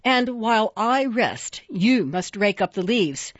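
Slow, playful woman reading poems. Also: mid-range voice, dry recording, dull audio. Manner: playful, expressive sing-song reading. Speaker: reader. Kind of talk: reading children's poems aloud.

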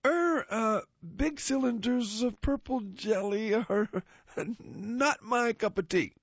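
A man's voice: extremely high pitch, slow, dry recording, pitched above the performer's own voice, full character voice. A man voicing a bashful male burro who hesitates and stammers, then speaks in rhyme. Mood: hesitant. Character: bashful male burro guest on alien planet. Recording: muffled lo-fi recording.

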